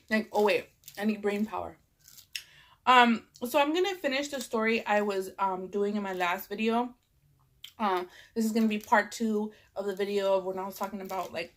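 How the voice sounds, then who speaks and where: A young woman with a Californian accent, stuffed up from a cold, rambling casually while eating in a vlog. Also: mid-range voice. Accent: Californian English. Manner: rambling, chatty, lots of "like" and fillers. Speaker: vlogger.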